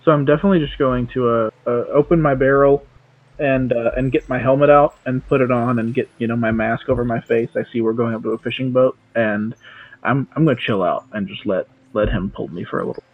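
A man playing a tabletop game, speaking hesitantly with many halts. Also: mid-range voice. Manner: hesitant, halting. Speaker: player. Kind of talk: tabletop role-play chat. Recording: dry, phone-like line.

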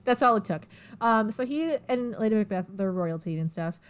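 A young woman hosts a casual podcast, talking at a medium pitch. She retells a story loosely and irreverently, giggling often and tossing in quick character voices along the way. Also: lively intonation, smooth.

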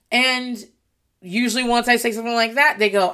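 A mother talking casually about parenting, blunt and animated, with plenty of swearing. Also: fairly high pitch, fairly quick, clean tone.

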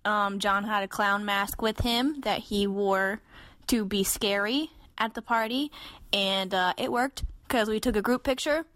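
A woman in her twenties, a podcast co-host, telling a story in a casual, animated way and acting out the voices she quotes. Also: unhurried, dry recording. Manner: animated, acts out quoted voices with big jumps in pitch.

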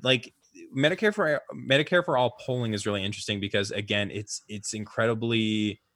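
A man's voice: lowish voice, brisk, fairly bright tone, no room sound. A man co-hosting a casual political podcast, rambling with many fillers and restarts. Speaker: podcast co-host.

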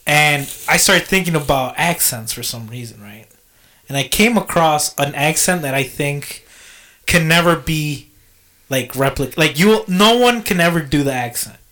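A man's voice: fairly high pitch, animated, normal speed, bright, forceful tone. A man co-hosting a podcast, chatting casually, laughing often and rambling. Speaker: podcast co-host. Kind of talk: casual chat.

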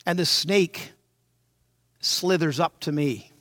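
A man in his sixties preaching a sermon, telling his childhood story in a dramatic, animated way. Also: a little high, slow, no room sound, studio quality. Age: 60s.

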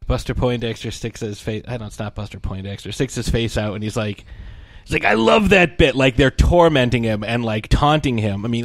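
A man chatting casually about a movie, acting out lines from scenes in quick impressions. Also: medium pitch, no echo.

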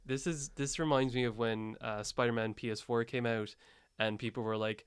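A man chatting casually as a podcast co-host, relaxed and often laughing, with hesitant restarts. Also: mid-range voice, moderate pace, clear, resonant tone, no echo. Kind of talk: casual chat.

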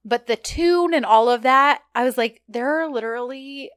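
A woman co-hosting a casual recap podcast, chatty and animated as she retells scenes with quoted lines. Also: sits high, moderate pace, clean tone, dry recording, clean studio sound. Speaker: podcast co-host.

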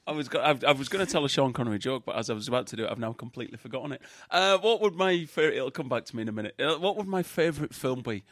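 A man's voice: mid-range voice, animated, rapid-fire, hardly any pauses, a bit bright, no room sound, clean studio sound. A man chatting casually with friends, often stopping and restarting as he searches for words. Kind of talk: casual chat among friends.

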